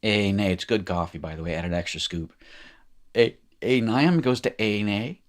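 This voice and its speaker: A man with a somewhat low voice teaches a recorded language lesson. He talks casually and drops in little jokes as he walks through examples. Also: normal speed. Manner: chatty, joking asides. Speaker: Hebrew teacher. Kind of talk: recorded lecture.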